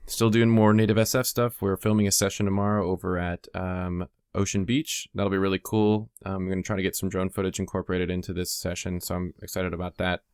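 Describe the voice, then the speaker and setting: A man's voice: deep voice, little pitch movement, brisk, hardly any pauses, darkish tone, smooth, no room sound, clean studio sound. A man co-hosting a casual podcast, ranting indignantly about unfair phone and internet fees. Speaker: podcast co-host.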